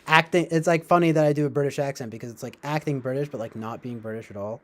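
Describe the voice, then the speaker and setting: A man's voice: mid-range voice, steady tone, quick pace, hardly any pauses. A man streaming live, rambling casually with sarcastic asides and frequent laughter. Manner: sarcastic, laughs often, trails off. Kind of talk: casual rambling livestream chat.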